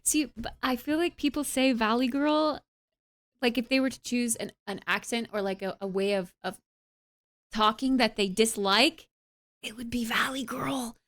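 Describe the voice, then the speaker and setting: A young woman streamer chats casually with her live audience, with a slightly higher voice than most. Her delivery is bubbly and animated, and "like" turns up often between her thoughts. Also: normal speed. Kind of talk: casual chat, reading and answering live chat.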